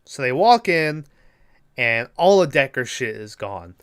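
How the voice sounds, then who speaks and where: A man's voice: mid-range voice, sing-song, unhurried, fairly bright tone, clear, resonant tone. A man co-hosting a podcast, retelling a movie plot in loose, profane casual chat and acting out the characters' lines. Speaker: podcast co-host.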